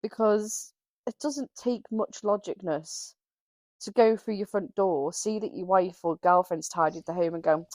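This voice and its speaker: A woman's voice: lowish voice, expressive, measured pace, a little mellow, no room sound. A woman co-hosting a podcast, chatting casually and rambling through her opinions with restarts. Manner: rambling, self-correcting opinions. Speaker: podcast co-host. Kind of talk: casual chat.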